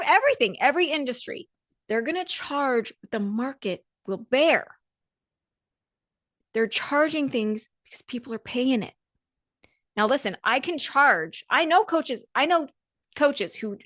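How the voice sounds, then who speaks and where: A woman's voice: on the high side, fairly bright tone, no room sound, clean studio sound. A woman dance coach hosting a solo podcast, talking in an earnest, motivational way with emphatic repetition.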